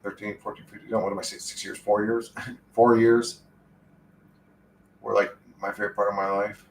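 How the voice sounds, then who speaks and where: A man's voice: fairly low pitch, little pitch movement, normal speed, slight background noise. Rambling, profane young streamer guy. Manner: rambling, profane, laid-back. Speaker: livestreamer. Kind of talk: casual stream chat. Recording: echoey room, distant mic.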